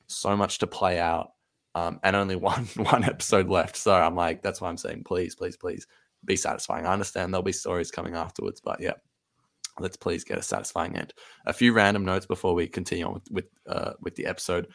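A man's voice: low-pitched, a little fast, creaky, fairly bright tone. A man co-hosting a podcast in casual chat, rambling and laughing easily. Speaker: podcast co-host.

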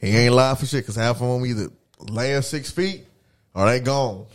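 A man in casual chat who tells profane, animated stories and acts out the quotes. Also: mid-range voice, moderate pace.

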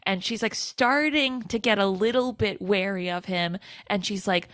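Young woman podcaster walking through a movie plot, mid pitch, dry sound. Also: normal speed, no echo. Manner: animated storyteller, acts out quotes, laughs often. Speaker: podcast co-host. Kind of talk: casual chat, retelling a film.

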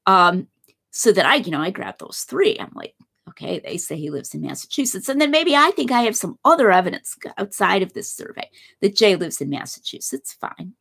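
A woman's voice: mid-range voice, big pitch swings, moderate pace, creaky, a bit bright, breathy edge. A woman giving a conversational philosophy lecture, walking through a hypothetical example step by step.

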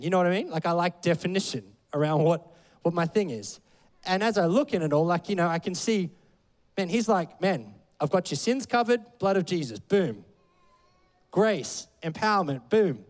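A man's voice: high voice, darkish tone, big-room sound. A man preaching a sermon in a loose, conversational way, full of fillers and playful asides. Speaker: pastor. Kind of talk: casual sermon.

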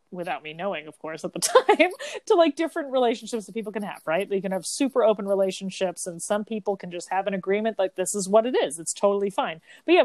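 A woman co-hosting a casual chat, her voice swooping lively up and down as she swears and laughs her way through opinions. The sound is dry and close, with no room around her. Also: medium pitch, no room sound. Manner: animated, profane, laughs often. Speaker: podcast co-host.

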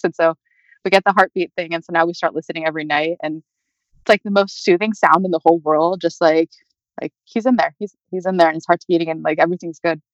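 A woman's voice: on the low side, dry recording. A young adult woman, an interview guest, telling a personal story in a chatty way full of fillers. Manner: chatty, many fillers like "like" and "you know". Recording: dull, dry lo-fi audio.

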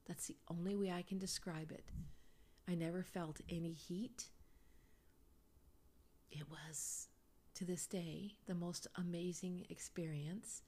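A middle-aged woman, a psychic reader, telling a personal story slowly with breathy, animated asides in a podcast Q&A. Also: on the low side.

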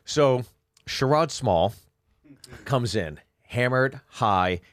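A man's voice: mid-range voice, very slow, no echo. A man co-hosting a podcast, telling a long funny anecdote in casual chat and acting out the people in it. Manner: animated anecdote-telling with voiced quotes. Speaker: podcast co-host.

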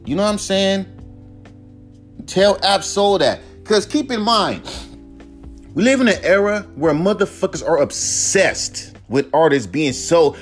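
A young man, a rapper hosting his own podcast, ranting alone with heavy profanity and mocking imitations of his critics. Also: sits high. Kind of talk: solo podcast rant.

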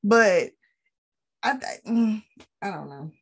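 A woman's voice: medium pitch, animated, slow pace, husky. A woman co-hosting a podcast, chatting casually about a reality show, laughing easily and often restarting her sentences. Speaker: podcast co-host.

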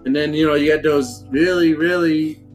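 Young man, casual chat, rambling with fillers, slightly raised pitch, faint guitar behind. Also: steady tone, moderate pace.

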